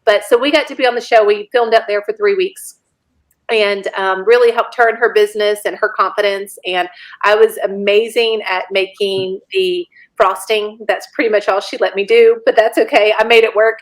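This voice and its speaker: A woman in her forties, a podcast guest, telling a story in an animated, laughing way and acting out the quotes. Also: mid-range voice, moderate pace, poor audio. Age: 40s. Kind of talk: casual storytelling chat.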